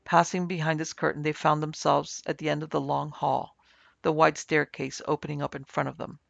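Gravelly male audiobook narrator. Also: on the high side, flat delivery, a little fast, dry recording. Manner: formal, dramatic reading. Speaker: narrator and producer. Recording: slightly muffled with soft music.

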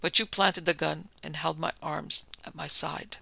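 A man's voice: a little high, fairly even intonation, unhurried, creaky, pushed and bright, exaggerated voice. A man voicing a cold, hard male detective who hates criminals, speaking in terse, clipped, stern lines.

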